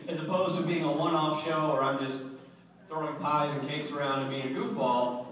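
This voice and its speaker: Joking man in an echoey convention hall. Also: a little high. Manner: rambling, self-deprecating, laughs often. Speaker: convention panel guest. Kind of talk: casual fan Q&A. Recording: echoey hall, far from the mic, noisy.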